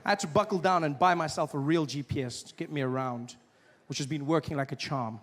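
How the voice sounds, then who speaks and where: A young man from Africa, performing an animated stand-up routine in a live venue and breaking into shouted voices. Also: a little high, fairly quick, in a large hall. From South Africa. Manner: animated, acts out voices with sudden shouts and laughs. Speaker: stand-up comedian. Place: live comedy venue with audience.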